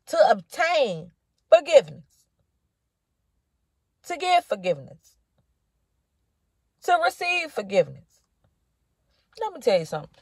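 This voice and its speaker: A woman's voice: high voice, no echo. A woman minister preaching to camera with impassioned, rhythmic repetition, calling the listener honey and baby. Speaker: minister giving a prophetic word.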